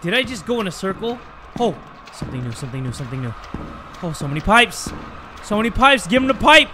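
A young man playing a horror game on video. He narrates it with comic panic, swears a lot and yells when scared. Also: high voice, big pitch swings, fast, a little hiss or hum. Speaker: gaming YouTuber. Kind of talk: let's play commentary.

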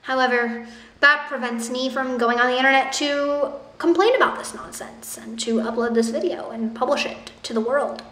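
A woman's voice: sits high, moderate pace, a bit bright. A young woman ranting sarcastically and indignantly in a vlog. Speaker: vlogger. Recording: echoey room.

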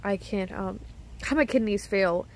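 A woman vlogger talking to camera in a personal video diary, close to tears, halting with many pauses and restarts. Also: mid-range voice, darkish tone, poor audio.

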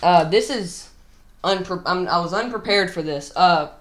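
A woman chatting casually with viewers on a drumming livestream, excitable, with sudden loud shouts and rambling restarts. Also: on the low side, measured pace.

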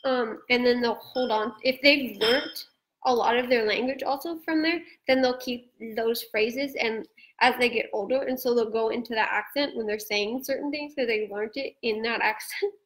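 A woman's voice: fairly high pitch, normal speed, fairly bright tone, poor audio. Explanatory Australian-raised woman host. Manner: explanatory, conversational. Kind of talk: live-stream conversation.

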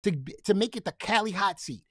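A man's voice: sits high, fairly quick, no echo, clean studio sound. A man hosting a gaming commentary channel, ranting in a profane, confrontational way and repeating himself when heated.

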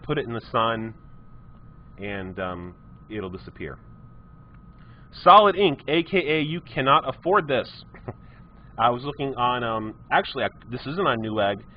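A man teaches a technology class live, mixing chatty stories and asides into the lesson. His pitch swings in a lively, animated way. The recording is muffled and lo-fi, with faint room ambience behind him. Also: a little hiss or hum. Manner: chatty, storytelling asides to students.

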